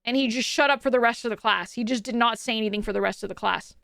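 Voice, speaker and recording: A woman's voice: fairly high pitch, fast talker, gravelly, a bit bright, smooth, no room sound, studio quality. A young adult woman streamer chatting casually and telling a story while reading chat aloud.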